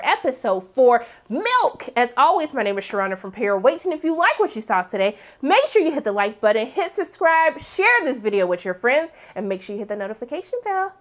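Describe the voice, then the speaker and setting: Sassy high-voiced woman recapping a show. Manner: sassy, animated, slangy, dramatic asides. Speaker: TV recap host. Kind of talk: casual episode recap commentary.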